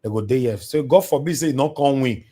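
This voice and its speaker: A man's voice: medium pitch, fast talker, dark tone, husky. Nigerian male host with a Pidgin accent, fervent and repetitive, on a home live stream. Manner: preachy, repetitive, mixing English and Pidgin. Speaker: livestream host. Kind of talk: impassioned live-stream monologue. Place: alone in a large house. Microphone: computer mic on a live stream.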